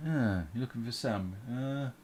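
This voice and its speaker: A man's voice: medium pitch, measured pace, background noise, natural voice. A man voicing a polite, helpful male tavern barman.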